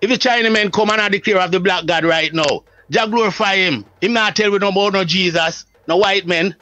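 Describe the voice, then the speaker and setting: A Jamaican Rastafari priest speaking in an emphatic, preacherly way, often checking whether the listener follows. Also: male voice, high voice, brisk, sharp tone, highs cut off. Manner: emphatic, preacherly, often asks "you see what I say?". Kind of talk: religious reasoning, casual talk.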